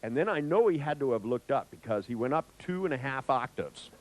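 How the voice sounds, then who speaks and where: Animated man telling a wild story. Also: fairly quick, no room sound, rough recording. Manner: animated, acts out voices with big pitch jumps; profane, laughs at his own story. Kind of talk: storytelling in a lecture.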